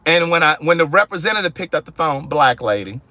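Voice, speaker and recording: A man telling a story in casual vlog style from his car, animated and exasperated, acting out both sides of his phone calls. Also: fairly high pitch, fast, dry recording. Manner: sassy, exasperated. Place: inside a car.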